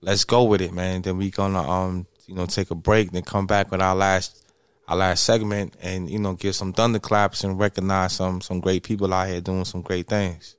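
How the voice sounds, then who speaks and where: A man's voice: low voice, flat delivery, moderate pace, clear, resonant tone, no room sound. A man co-hosting a casual talk show, laid-back and affirming, steering the segments. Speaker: podcast co-host. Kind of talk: casual chat.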